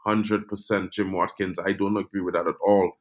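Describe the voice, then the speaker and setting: A man's voice: low voice, level tone, moderate pace. A man hosting a casual live-stream football chat, talking loosely with lots of "you know" and reading viewer comments aloud. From Trinidad and Tobago. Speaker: football channel host.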